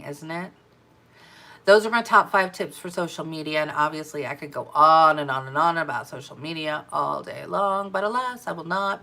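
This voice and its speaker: A woman coaching her sales team in an energetic, emphatic talk, repeating her key phrases for effect. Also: sits low. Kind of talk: motivational business talk to camera.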